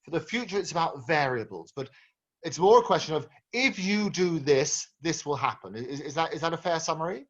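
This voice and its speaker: A man with a somewhat high voice hosts an interview and asks long, halting questions full of restarts. The recording sounds dull and lo-fi. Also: lively intonation. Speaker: interview host.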